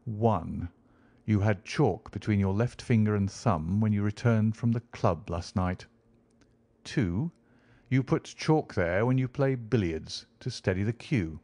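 A man playing an aloof detective, lecturing, measured, low voice, dry close sound, audiobook. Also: dark tone, no echo. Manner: measured, professorial.

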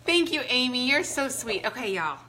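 A woman hosting a live unboxing from her home, bubbly and excited, greeting viewers by name. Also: high voice, moderate pace. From Ohio, US. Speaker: product review livestream host. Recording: echoey room with background noise.

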